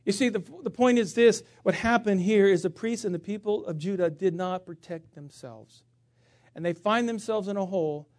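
Middle-aged pastor guy preaching, high voice, goes from quiet to yelling, does voices in his stories. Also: normal speed. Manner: dramatic swings from hushed to shouting; acts out funny stories with voices. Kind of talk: sermon.

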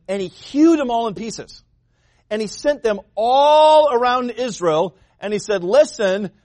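A male pastor delivers a sermon in a chatty, animated style, retelling the story and acting out its characters. His voice is high-pitched, and the recording is dry.

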